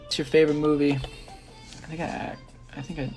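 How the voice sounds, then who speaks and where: A young man, a dancer, answering fan questions on a phone live stream, relaxed and rambling, reading each question aloud. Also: on the high side, moderate pace, faint music behind. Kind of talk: casual live-stream chat.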